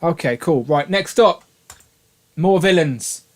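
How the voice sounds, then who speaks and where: A man's voice: fairly high pitch, animated, takes it slowly. A man hosting a toy review livestream in casual, jokey chat, laughing often.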